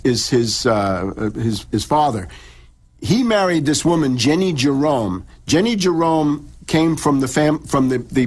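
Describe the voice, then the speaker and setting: A middle-aged man, an in-studio guest, lecturing on history in a radio interview, restarting and repeating words as he goes. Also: medium pitch. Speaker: in-studio guest author and researcher.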